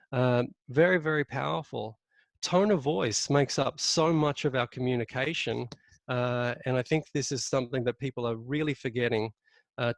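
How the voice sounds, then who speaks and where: In a coaching-style leadership webinar, a medium-pitched man hits key words hard, though he often stops to say um or start over. The audio has no echo.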